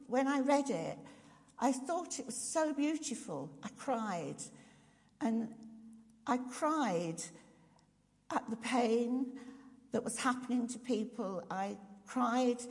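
A woman's voice: on the high side, darkish tone. A woman preaching a sermon, reflective, often asking her congregation questions. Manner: reflective, asks the audience questions. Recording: long reverb of a large hall.

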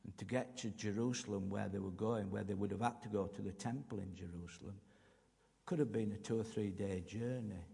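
Male preacher, low gravelly voice, slow measured sermon, long church reverb. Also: warm tone.

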